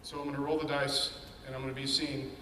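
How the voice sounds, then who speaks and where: A man's voice: mid-range voice, level tone, fast, bright, forceful tone, slight background noise. A man giving an earnest, candid talk about his own life, acting out the voices in his head as he tells it. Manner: candid, earnest storytelling with quoted inner voices. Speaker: speaker sharing his story. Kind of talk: personal testimony talk. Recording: echoey hall, mic at a distance.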